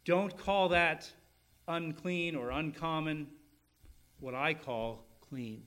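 Man, pastor, sermon, slightly high pitch, explanatory, conversational. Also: takes it slowly, a bit bright. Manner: restarts often, asks "right?" to the listeners, explains step by step.

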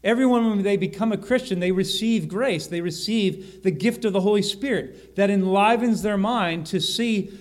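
A man preaching a sermon, slowing and rising on key phrases and often correcting himself mid-sentence. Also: sits high. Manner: emphatic, slows and rises on key phrases, frequent self-corrections. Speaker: pastor.

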